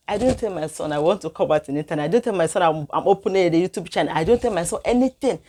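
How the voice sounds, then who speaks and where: A young woman vlogger telling a personal story to her viewers in non-standard English, emotional and animated. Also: on the low side, quick pace, slight background noise. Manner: animated, emotional retelling with frequent laughs and sighs.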